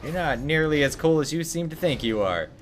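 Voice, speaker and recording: A man's voice: fairly high pitch, animated, fairly quick. A man streaming a game, commenting in a casual, wry and joking way.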